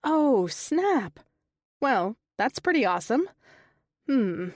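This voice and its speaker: A woman's voice: fairly high pitch, very animated, darkish tone, no room sound, studio quality, pitched above the performer's own voice, full character voice. Woman voicing a sassy teasing young woman. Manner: teasing, quick and upbeat.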